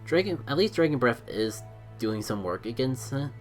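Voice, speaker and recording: A man talks through his game live in an even, middle-pitched voice. He thinks aloud, second-guesses his choices and is openly hard on himself. Faint game music plays under him. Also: normal speed. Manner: excitable, thinks aloud, self-critical. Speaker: streamer playing a mobile game. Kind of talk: live gameplay commentary.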